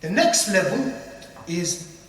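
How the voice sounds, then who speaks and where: High-voiced British man teaching from far off. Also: very animated, slow pace, a bit bright, a little hiss or hum. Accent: British English. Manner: loose, repetitive explaining with tag questions. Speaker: ruqya teacher. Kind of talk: informal spoken lesson. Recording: echoey hall from far off.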